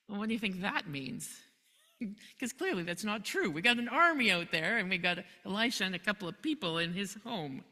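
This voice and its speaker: A woman pastor preaches a sermon in church, retelling a Bible story in a chatty, conversational way and chuckling often. Her medium-pitched voice is expressive, a little fast, and sharp-toned, and the recording carries long hall reverb.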